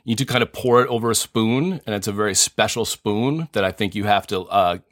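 Male podcast host, deadpan know-it-all, dry close mic. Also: on the low side, fairly quick, dry recording. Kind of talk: casual comedic chat.

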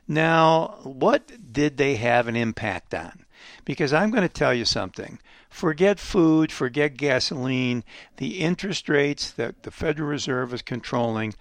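A man's voice: mid-range voice, animated, a little slow, gravelly, fairly bright tone, no echo, studio quality. A man hosting a program, giving an emphatic economic commentary monologue full of rhetorical questions. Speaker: radio program host.

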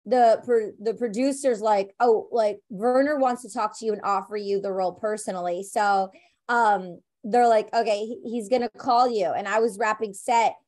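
A woman's voice: mid-range voice, fairly even intonation, normal speed, darkish tone. A woman actress being interviewed about her film career, talking in a chatty, enthusiastic way full of "like" and "you know". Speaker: actress guest. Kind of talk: conversational interview.

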